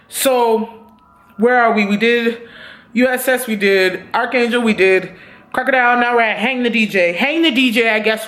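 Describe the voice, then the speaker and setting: A young woman casually reviewing a TV series, talking in animated, profane bursts that swing between loud outbursts and quick asides. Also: on the high side. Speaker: TV review vlogger.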